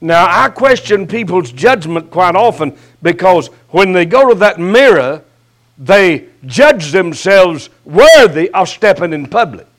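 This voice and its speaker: An older man preaching a sermon as pastor, his voice rising sharply and then dropping to a hush, with folksy, teasing jabs at his listeners. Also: sits high, very animated. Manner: slow preaching with sharp rises and hushed drops.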